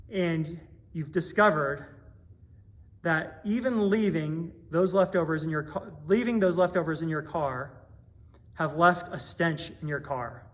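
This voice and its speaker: A man with a notably high, light voice preaches a sermon. He speaks earnestly, piling up rhetorical questions and homely everyday examples. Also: a bit bright. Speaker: pastor.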